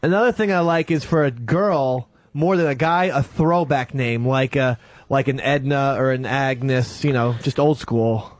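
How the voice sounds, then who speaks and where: A man's voice: mid-range voice, unhurried, no echo. A man chatting on a talk radio show, earnest and hesitant, often restarting his sentences. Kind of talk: casual talk radio banter.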